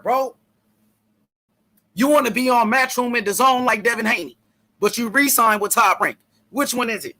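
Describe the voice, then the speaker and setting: A man hosting a casual boxing talk stream, talking loud, profane trash. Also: extremely high pitch. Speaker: host.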